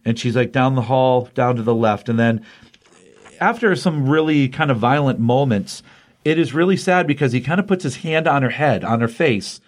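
A man's voice: mid-range voice, normal speed. A man co-hosting a comic book podcast, retelling a story in casual chat and acting out the quotes. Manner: animated retelling with acted quotes.

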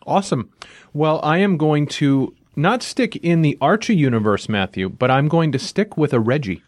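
A man's voice: a little high, lively intonation, normal speed, dry recording. Upbeat male comics reviewer, dry sound. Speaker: podcast co-host, comics reviewer. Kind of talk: casual chat, comic review.

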